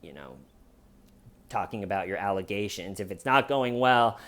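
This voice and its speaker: A man's voice: on the low side, normal speed. A man hosting a casual commentary show, talking in a sarcastic, mocking way. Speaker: host.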